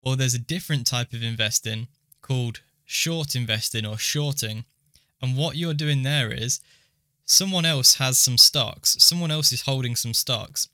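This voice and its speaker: A young man co-hosts a casual podcast and patiently walks his friend through an idea. His voice is bright and forward. The sound is dry and close, with no room around it. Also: medium pitch, measured pace, dry recording. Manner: explains things step by step. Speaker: podcast co-host.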